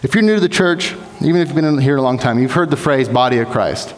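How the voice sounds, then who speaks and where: A man's voice: medium pitch, expressive, quick pace. A young man preaching a sermon in a church sanctuary, earnest and exhorting, sometimes restarting his words. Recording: long hall reverb.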